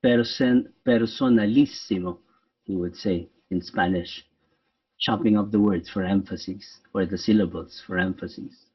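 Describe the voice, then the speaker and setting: A man, a priest, leading a guided meditation in a slow, reflective way with frequent pauses. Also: low voice, little pitch movement, breathy edge. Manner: slow, reflective, pausing often. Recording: dull, lo-fi sound from a distant mic.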